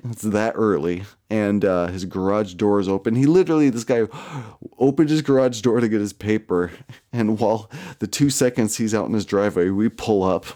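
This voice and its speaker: Brief: podcast host, man, low dark voice, profane and laughing storyteller. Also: moderate pace. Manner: profane, laughs often while telling. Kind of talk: casual storytelling.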